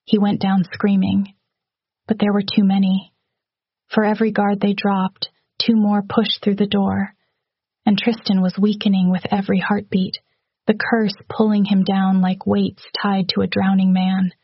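A woman narrates a story in a level, even-paced read. Her voice is gravelly and a little husky. The recording is dry and slightly dull. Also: medium pitch, measured pace, dry recording. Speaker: audiobook narrator. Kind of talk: scripted narration.

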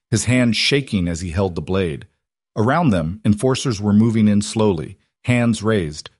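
A man narrating a dramatic story with steady, scripted audiobook delivery. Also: lowish voice, no echo, clean studio sound.

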